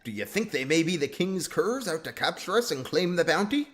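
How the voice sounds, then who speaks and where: A man voicing an eager pirate brigand, reading game dialogue aloud in a drawn-out, hearty pirate drawl. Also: on the high side, big pitch swings, fairly bright tone, faint music behind, voice pushed up.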